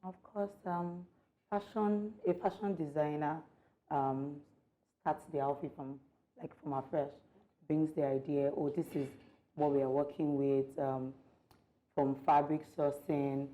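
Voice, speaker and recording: A woman's voice: deep voice, steady tone, measured pace, mellow, low-quality recording. A woman with a Nigerian accent, a fashion designer guest, answering interview questions hesitantly with many fillers.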